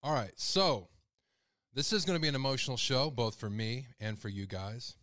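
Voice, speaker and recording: A man's voice: medium pitch, moderate pace, pushed and bright, dry recording, clean studio sound. A man hosting a live call-in show, speaking with raw emotion and his voice rising when he is upset. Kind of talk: live-stream commentary.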